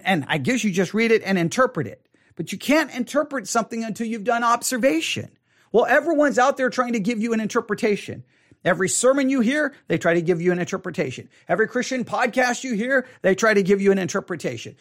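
A man teaching a Bible study, reading scripture aloud and then explaining it with emphatic repetition, slowing down to stress his points. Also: very high-pitched. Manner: emphatic, repeats key words, slows down to stress points.

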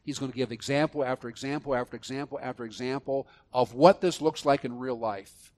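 A man preaching a sermon, moving between soft, low reflection and loud, emphatic passages. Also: fairly quick, few pauses. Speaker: pastor.

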